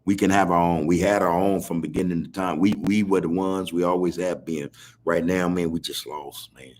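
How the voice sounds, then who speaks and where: A man's voice: deep voice, fairly even intonation, normal speed, darkish tone, slight background noise. A man hosting a podcast on a video call, talking in a preachy, rambling, drawling way. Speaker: podcast host. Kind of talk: casual commentary.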